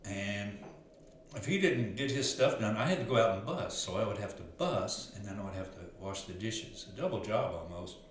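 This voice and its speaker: A man's voice: on the low side, lively intonation, normal speed. Folksy man in an echoey room. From Arkansas. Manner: rambling, earnest, folksy. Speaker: life coach. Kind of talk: casual storytelling monologue. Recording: very echoey room, faint noise.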